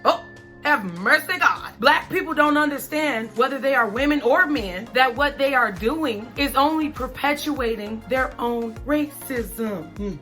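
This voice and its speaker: Blunt, emphatic woman vlogger, bright voice. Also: fairly high pitch. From Chicago, USA. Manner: emphatic, repetitive, keeps tagging "okay?"; blunt, swears freely. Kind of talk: unscripted personal rant.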